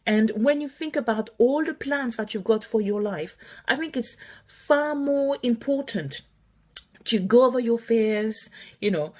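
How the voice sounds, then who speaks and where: A woman's voice: on the high side, animated, unhurried, darkish tone. Encouraging French-accented woman coach. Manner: encouraging, earnest, chatty with laughs. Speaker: online marketing coach. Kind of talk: motivational live video talk.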